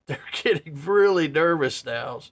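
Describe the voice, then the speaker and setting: A man's voice: a little high, slow pace. A man in his fifties telling a story casually to camera, swearing often and laughing. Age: 50s. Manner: profane, laughing, animated. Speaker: vlogger.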